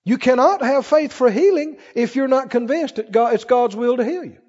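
A man with a high voice preaches a fervent sermon, reading scripture aloud and building it up with bursts of emphasis. He is recorded in a church hall with a long, lingering reverb. The sound is muffled and lo-fi. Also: moderate pace, a little mellow. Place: church with congregation.

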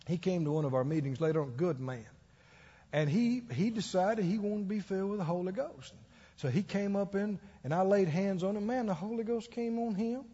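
Preacher guy, high voice kinda husky, animated stories, dull echoey church sound. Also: fairly quick. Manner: animated storytelling with acted-out quotes and laughter. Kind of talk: sermon.

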